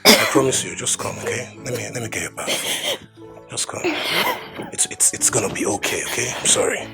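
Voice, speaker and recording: A man's voice: fairly low pitch, brisk, lightly acted. An actor with a Nigerian accent playing a young man who pleads and reassures in a film drama, with music underneath. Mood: pleading. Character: soothing young Nigerian man, caring son.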